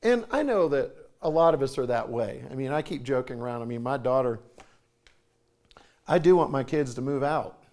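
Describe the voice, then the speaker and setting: A man's voice: lively intonation, moderate pace, a little mellow. A man in his forties giving a folksy conference talk, acting out quoted voices. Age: 40s. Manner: folksy, acts out quoted voices with jumps in pitch. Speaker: conference speaker.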